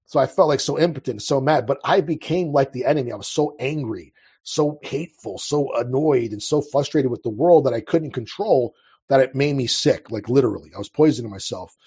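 A man's voice: medium pitch, brisk, a little mellow, breathy edge. A man in his thirties telling his life story as an interview guest, in a casual, rambling way full of restarts. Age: 30s. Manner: rambling, restarts, frequent fillers.

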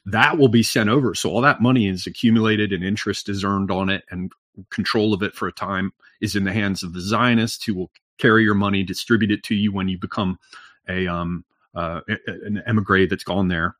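A man's voice: lowish voice, steady tone, fairly quick, fairly bright tone, no room sound, studio quality. A man talking at length as a podcast guest, rambling with lots of fillers and restarts and casual swearing. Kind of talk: long-winded conversational monologue.

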